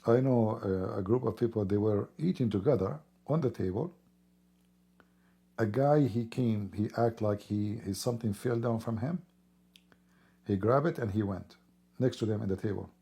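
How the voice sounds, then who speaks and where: A hoarse man who is losing his voice talks in a rambling, emphatic way during a casual livestream, clearing his throat often. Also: lowish voice, moderate pace, dark tone. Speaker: livestream host.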